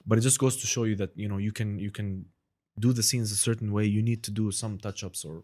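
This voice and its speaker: A man's voice: lowish voice, steady tone, very fast, warm tone. A man, a podcast guest and impressionist, chatting casually in a rambling, hedging way. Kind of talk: casual chat.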